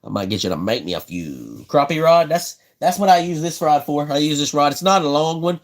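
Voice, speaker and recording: A man's voice: fairly high pitch, expressive, brisk. A man from South Carolina with a Southern accent, hosting a casual live stream while building a fishing rod, laid-back and repeating himself as he talks. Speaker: livestream host building fishing rods.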